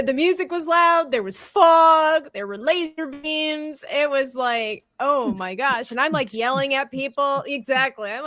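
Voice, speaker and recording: A woman hosting a live art party stream, speaking in a slightly high, bright register. She chats casually and tells animated stories, laughing often. The sound is close and dry, with no room around it. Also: no room sound. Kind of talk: casual chat.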